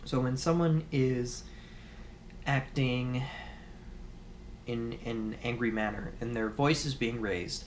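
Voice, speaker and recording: Man giving a rambling video lecture. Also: mid-range voice. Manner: conversational with frequent restarts and filler pauses. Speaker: course instructor.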